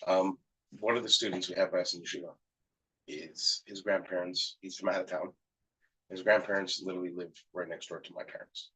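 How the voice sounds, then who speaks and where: A man with a low, husky voice tells a story from his work at a yeshiva. He shares it in relaxed conversation and slips into the voices of the people he quotes, so the telling stays lively. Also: brisk, low-quality recording. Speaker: yeshiva staff member.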